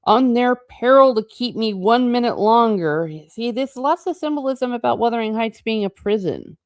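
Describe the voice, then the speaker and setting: A woman's voice: fairly high pitch, lively intonation, moderate pace, no echo, clean studio sound. A woman reading a novel aloud and breaking off for casual, chatty comments, laughing often as she reacts to the text. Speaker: book channel host.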